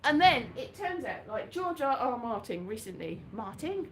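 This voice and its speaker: In an echoey small venue, a Welsh comedian chats her way through a stand-up set with slides, rambling and poking fun at herself. Her voice is on the high side with big pitch swings at normal speed, and there is slight background noise.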